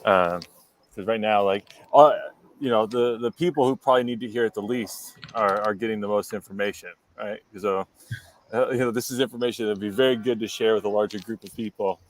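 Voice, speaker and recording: A man's voice: lowish voice, steady tone, a little fast. A man with a Dutch accent co-hosting a casual online chat, talkative and jokey, with many fillers. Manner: chatty, filler-heavy, jokey.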